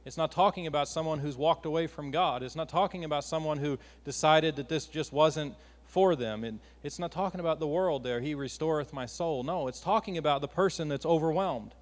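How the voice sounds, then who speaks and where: A man with a slightly high voice preaches a fervent sermon, surging and easing as he makes his points. His voice rings through a reverberant church hall with a long tail. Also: moderate pace. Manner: impassioned, rising and falling in force.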